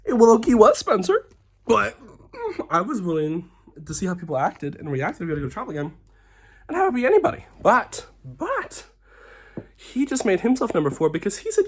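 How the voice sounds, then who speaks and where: A man's voice: sits high, huge pitch swings, moderate pace, breathy edge. Tipsy, theatrical young man. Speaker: reality show contestant. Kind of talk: confessional to camera.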